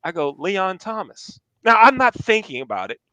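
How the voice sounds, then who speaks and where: A man telling personal stories in casual talk, animated and repeating phrases for emphasis. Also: high voice, moderate pace, clean tone, dry recording. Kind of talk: casual storytelling.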